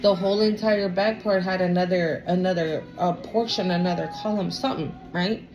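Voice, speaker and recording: A woman's voice: fairly low pitch, steady tone, normal speed, a little mellow, lo-fi sound. A woman reading tarot for a collective, casually retelling a story with lots of swearing and a habit of asking "right?". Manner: chatty, profane, keeps asking "right?". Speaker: tarot reader addressing a collective.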